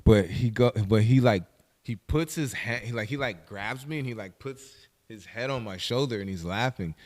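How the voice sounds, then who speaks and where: A man's voice: medium pitch, moderate pace. Man telling a story animatedly. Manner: animated storytelling, acts out both sides of a conversation. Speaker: podcast host. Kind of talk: casual podcast chat.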